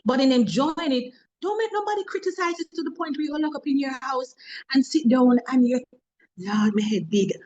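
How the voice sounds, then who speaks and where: A woman's voice: sits high, a little fast, darkish tone, dull audio. A woman with a Jamaican accent, a motivational speaker in a webinar talk, humorous and preachy, telling stories from work.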